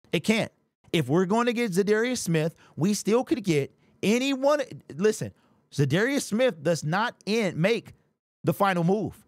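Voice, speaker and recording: A man's voice: high voice, no room sound, clean studio sound. A man hosting a fan commentary channel, talking in an amped, emphatic way and repeating his points. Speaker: sports channel host.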